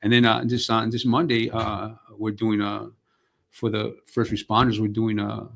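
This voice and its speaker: A man's voice: fairly low pitch, flat delivery, normal speed, vocal fry, fairly bright tone. A man in his sixties, an actor and comedian, telling stories in a casual interview in a streetwise way, swearing freely and calling people bro and man. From United States. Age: 60s.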